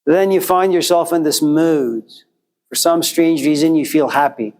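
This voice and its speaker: A male lecturer tells a story to his listeners in a loose, conversational way, turning to address them directly. His voice sits a bit on the high side for a man. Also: a little slow, a little mellow. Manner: acts out quoted characters with jumps in pitch.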